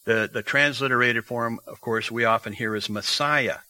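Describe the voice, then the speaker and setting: Male preacher, bright clear tone, explains scripture line by line, dry close recording. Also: medium pitch, normal speed, dry recording, low-quality recording. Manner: teaching verse by verse, reading scripture aloud. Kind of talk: expository sermon.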